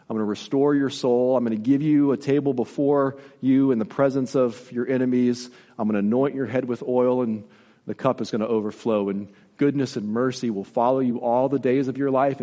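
A man's voice: medium pitch, warm tone. Earnest preaching man in a reverberant hall. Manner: earnest, repetitive preaching with rising emphasis. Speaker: pastor. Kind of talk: sermon.

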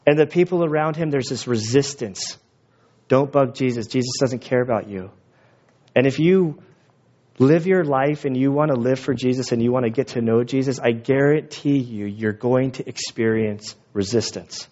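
A man preaching as a pastor, conversational and animated, with quick asides. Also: medium pitch. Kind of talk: sermon. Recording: dull lo-fi recording.

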